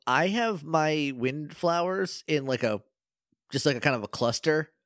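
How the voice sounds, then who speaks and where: A man's voice: on the high side, measured pace, no room sound. Chatty man on a dry close mic. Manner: animated, laughing, quotes game characters in little voices. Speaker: podcast co-host. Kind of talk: casual chat.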